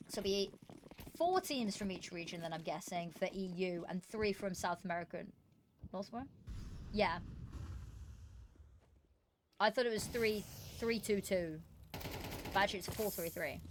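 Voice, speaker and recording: A woman in mid pitch chatting through an esports match on her live stream, rambling with fillers and poking fun at herself. Faint hiss and clicks sit behind her voice. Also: moderate pace, long pauses. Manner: chatty and self-deprecating, rambling with fillers and asides. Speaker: esports caster streaming a qualifier. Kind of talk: casual live-stream commentary.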